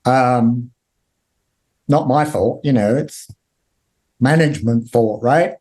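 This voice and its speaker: A man, a guitarist guest, speaking in a halting way with many fillers. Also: mid-range voice, a little mellow. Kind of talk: casual chat.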